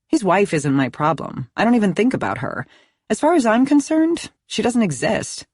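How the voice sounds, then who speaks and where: A woman voicing a brash, dismissive young college woman with a flippant, sharp manner. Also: medium pitch, very animated, normal speed, slightly rough, dry recording, studio quality, pitched above the performer's own voice.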